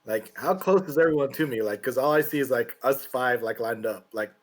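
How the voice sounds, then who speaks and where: A man's voice: medium pitch, fairly quick. A man playing in a tabletop fantasy game, thinking aloud playfully as he plans his character's moves. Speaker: player. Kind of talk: casual tabletop game play.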